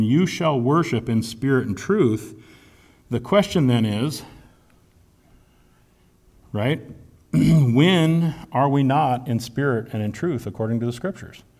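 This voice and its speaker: A man giving a relaxed, conversational sermon. He reads scripture passages aloud and breaks in with casual asides, often tossing out "right?" and stopping to hunt for a word. His pitch sits in the middle for a man. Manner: casual, asks "right?" often, pauses to search for words. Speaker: preacher.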